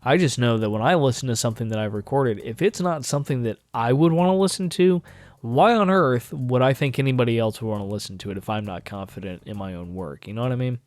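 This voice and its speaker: A man's voice: medium pitch, quick pace, no room sound. A man hosting his own vlog, talking casually and self-critically, with many fillers and restarts. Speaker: channel host.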